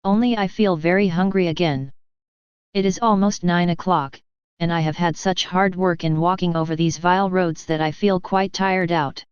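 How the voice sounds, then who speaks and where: A frank, hearty widowed farmer speaks, as a woman reads him in a very clear, slightly low voice. The recording is dry and a little dull, like a plain audiobook track. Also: steady tone, normal speed, darkish tone, dry recording, lightly acted.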